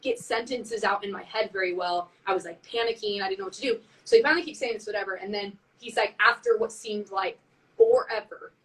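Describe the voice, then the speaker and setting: Animated woman telling a spooky story. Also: mid-range voice, brisk, far from the mic, rough recording. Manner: animated, heavy use of "like", acts out quotes. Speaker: band member on a live stream. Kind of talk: casual storytelling.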